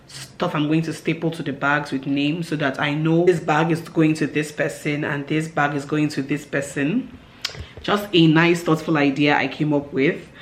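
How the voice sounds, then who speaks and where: A woman's voice: low-pitched, a little hiss or hum. A woman in her thirties talking casually to camera as a vlogger, chatty and upbeat, with frequent um fillers. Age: 30s. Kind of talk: casual vlog chat to camera.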